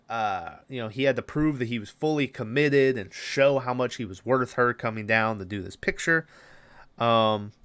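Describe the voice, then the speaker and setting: A man's voice: medium pitch, a bit bright, clean tone. A man hosting a podcast, giving a rambling, casual movie recap full of fillers and restarts. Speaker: podcast host.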